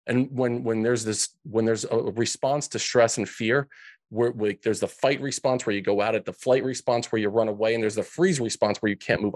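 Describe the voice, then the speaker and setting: A podcast guest, male, speaks at a fairly low pitch in a steady, brisk voice with no room sound. He earnestly recounts a painful story from his childhood, frequently starting his sentences over.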